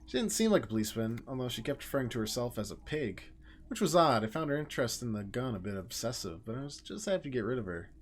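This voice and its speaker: A man's voice: medium pitch, very animated, quick pace, close to an everyday voice. A man reading out the lines of a weary, detached male pawnshop keeper in a video game, dry and wry.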